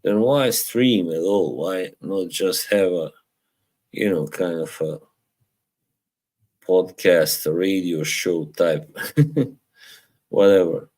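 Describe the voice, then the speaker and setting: A man's voice: low-pitched, slow pace, long pauses, a little mellow. A man hosting a casual live stream, rambling, chuckling often and reading chat aloud from home.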